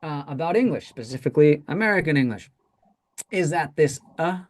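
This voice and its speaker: A man's voice: on the high side, lively intonation, brisk. Man teaching English pronunciation. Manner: explains patiently, checks in with "right?" often. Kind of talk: teaching a class.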